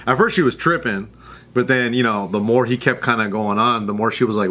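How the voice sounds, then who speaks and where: A man of middle pitch talks in a relaxed way, recounting events among friends. His delivery is easygoing and plain. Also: a little fast, a little hiss or hum. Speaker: co-host. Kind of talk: casual chat.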